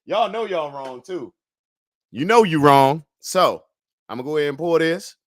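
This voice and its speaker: A man hosting a casual live chat show, laid-back and chatty, laughing often, swearing freely and breaking into loud whoops. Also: on the high side, lively intonation, measured pace, no echo, studio quality. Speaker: livestream talk show host.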